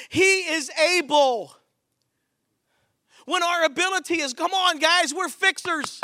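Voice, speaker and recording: Male preacher, high bright voice, fervent sermon delivery, dry close sound. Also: moderate pace, dry recording. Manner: fervent storytelling preacher, swings from shouting to hushed. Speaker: preacher at a men's ministry.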